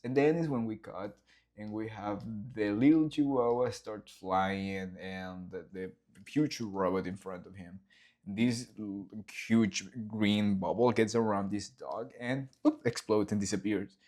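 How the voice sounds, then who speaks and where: Talking a little slowly in a voice on the low side, an animator guides viewers through his storyboards. It's a casual behind-the-scenes vlog, and he's lively and enthusiastic, acting scenes out with sound effects and swearing.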